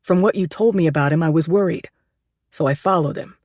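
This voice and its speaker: A woman's voice: sits low, brisk, a little mellow, no echo, studio quality. A woman reading a desperate, pleading man. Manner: urgent, raised, pleading delivery.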